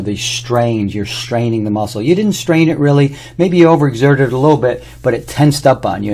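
Demonstrating a health product on himself, a male presenter chats casually to camera and wanders through anecdotes. His voice is mid-range with a dark tone.

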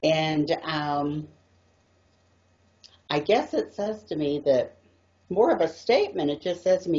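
Low-voiced woman, earnest tarot guest. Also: animated, measured pace, pauses often, dark tone. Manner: earnest, rambling storyteller. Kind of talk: casual chat about tarot. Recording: dull lo-fi audio.

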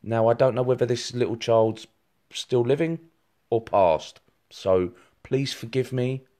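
A man's voice: mid-range voice, measured pace, mellow. A man giving a rambling live-streamed psychic reading, talking straight to viewers with many fillers and restarts. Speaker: psychic medium.

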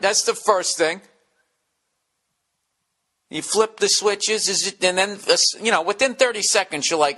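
A middle-aged man hosting a podcast, rambling through a profane comedic monologue full of quick restarts. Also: sits high, pushed and bright, a little hiss or hum. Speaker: podcast host.

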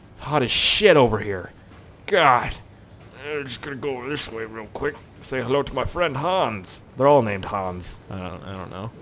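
A man's voice: medium pitch, fairly bright tone, slight background noise. A young man casually commentating a video game, goofy and joking, swearing freely. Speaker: gaming channel host. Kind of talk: casual let's play commentary.

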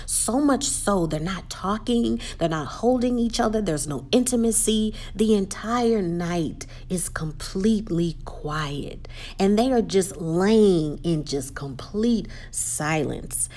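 Animated woman recapping a TV episode. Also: medium pitch. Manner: animated storytelling, acts out characters' quotes; frequent "you know" and "like" fillers. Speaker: YouTube TV recapper.

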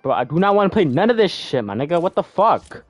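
A young man giving loud, swearing, exasperated commentary while playing a game. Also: sits high, big pitch swings, quick pace, no echo, soft background music. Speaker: gamer streamer. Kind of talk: casual gameplay commentary.

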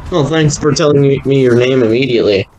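A man's voice: mid-range voice, fast, a little mellow, rough recording. A young man casually commenting on his video game playthrough, rambling and joking with lots of "like". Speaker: gaming video host.

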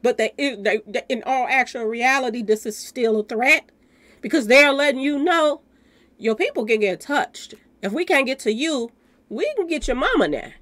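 Animated woman hosting a gossip channel. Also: high-pitched, moderate pace. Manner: talks straight to viewers, calling them y'all. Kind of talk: commentary on a news clip.

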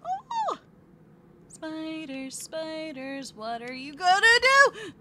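Bubbly high-voiced woman streamer. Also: huge pitch swings, drawn-out words, very noisy. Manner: playful, chatty, reads chat aloud; squeals and fake-whines at the game. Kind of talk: live game commentary.

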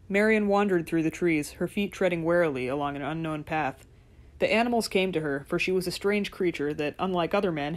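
A woman narrating a fairy-tale audiobook in a measured, gentle storytelling manner. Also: lowish voice.

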